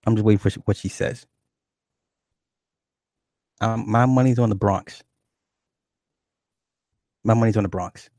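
Low dark-voiced man chatting casually. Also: fairly even intonation, unhurried, pauses often, no echo, studio quality. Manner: rambling, profane, reads chat aloud. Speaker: livestream host. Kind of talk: casual chat with viewers.

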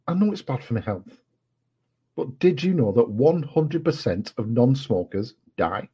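A man's voice: lowish voice, very animated, moderate pace, dark tone, slightly rough. A man with an English accent chatting casually on a late-night livestream, rambling and apologetic with many fillers. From England. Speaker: guest. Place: home at night. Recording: dull lo-fi home recording.

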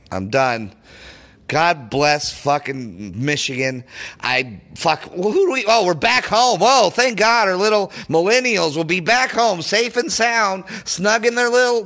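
Furious, high-voiced ranting man. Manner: furious, profane, often shouting; voice rising high when angry. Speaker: podcast host. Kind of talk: angry sports fan rant.

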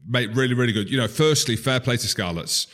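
A man's voice: medium pitch, fast, fairly bright tone. A man co-hosting a rugby podcast, chatty and self-mocking as he runs through players. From Scotland. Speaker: podcast co-host. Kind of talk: casual rugby chat.

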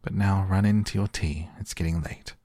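A man reading the tender lines of a gentle older sister. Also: low voice, steady tone, normal speed, dry recording, clean studio sound.

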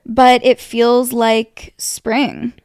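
A young woman co-hosting a podcast, chatting in a relaxed, agreeable way. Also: fairly high pitch, very slow, clear, resonant tone, no room sound, studio quality. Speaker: podcast co-host. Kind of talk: casual chat.

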